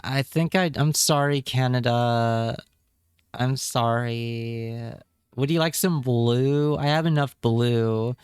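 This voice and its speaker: A man's voice: mid-range voice, slow, smooth, dry recording, clean studio sound. A man streaming live, chatting casually with his viewers and reacting with wry remarks and repeated words.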